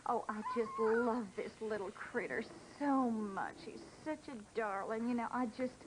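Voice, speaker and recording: Brief: actress as older soap mother-in-law, martyred and wheedling, higher voice, swoopy melodramatic delivery, noisy broadcast audio. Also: a little slow, lightly acted. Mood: self-pitying. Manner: wheedling, melodramatic, tearful quaver. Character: self-pitying older mother-in-law, guilt-tripping and fussy. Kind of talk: daytime soap acting.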